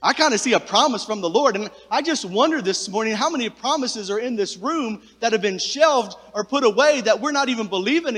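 High-voiced pastor preaching in reverberant hall. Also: male voice, a bit bright. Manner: conversational preaching, addresses the congregation directly. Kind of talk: sermon. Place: church sanctuary with a congregation.

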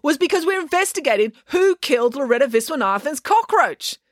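A woman's voice: high voice, very animated, a little fast, no echo, clean studio sound, voice pushed up. A woman doing a brash, sarcastic young girl. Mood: indignant. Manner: sarcastic, indignant. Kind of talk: audiobook character voice.

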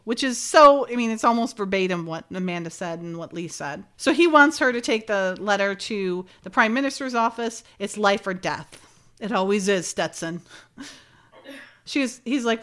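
A woman's voice: mid-range voice, expressive, moderate pace, a bit bright. A woman in casual podcast chat, recapping a TV episode and acting out its dialogue, giggling often. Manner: chatty, acts out dialogue, giggly. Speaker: podcast co-host.

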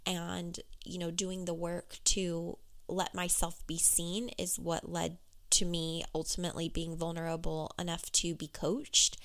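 Woman, young adult, life coach, hoarse froggy voice, candid casual chat, slightly low pitch. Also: completely flat delivery, measured pace, a bit bright. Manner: chatty, candid, uses "you know" and "um". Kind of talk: casual talking-to-camera monologue.

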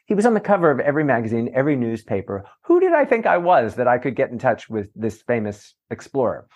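A middle-aged man, a journalist and author, telling lively, self-mocking stories in a casual interview. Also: medium pitch, quick pace, dull audio. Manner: animated, self-mocking anecdotes with playful voices. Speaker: entertainment journalist and author, guest.

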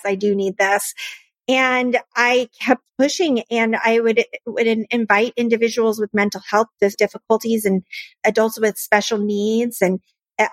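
A woman's voice: on the high side, no echo. Earnest woman telling her story. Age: adult, married. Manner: earnest, emotional, animated storytelling. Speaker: nonprofit founder and guest. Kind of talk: personal storytelling in a podcast interview.

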